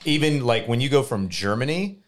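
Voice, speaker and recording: A man's voice: medium pitch, expressive, moderate pace. A man from California, a guest in a casual podcast chat, talkative and prone to restarts.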